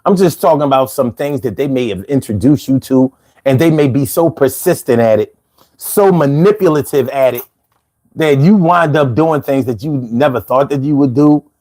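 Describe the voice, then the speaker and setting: A man hosting a live stream in casual chat, reading out viewer comments in a slangy, animated way. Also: mid-range voice, moderate pace. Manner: slangy, animated, laughs between lines. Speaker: livestream host.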